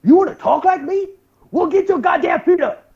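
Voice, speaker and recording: A man putting on the voice of a tough, mocking male drill sergeant, barking in a high strained shout. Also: animated, normal speed, lo-fi sound. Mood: taunting.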